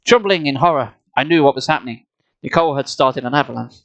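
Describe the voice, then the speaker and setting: A man's voice: mid-range voice, fast talker, fairly bright tone. A man reading a children's horror book aloud on a live stream, playful and mocking himself between passages. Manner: playful, self-mocking asides between narration. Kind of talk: live storybook reading with asides. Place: home streaming setup. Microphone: desk mic, laptop.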